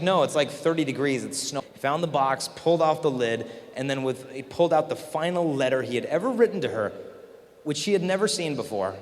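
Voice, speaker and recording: A man giving a motivational storytelling talk to a young audience, acting out the quoted lines of the people in his stories. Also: medium pitch. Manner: animated storyteller who acts out quoted dialogue. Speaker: speaker at a youth event. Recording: long reverb of a big hall.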